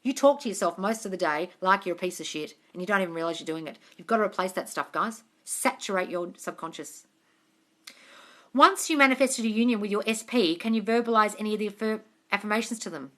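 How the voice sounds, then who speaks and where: A woman's voice: medium pitch, fast, a bit bright. An Australian woman coaching on a live stream, reading viewer comments and answering them bluntly with plenty of swearing and calls of darling.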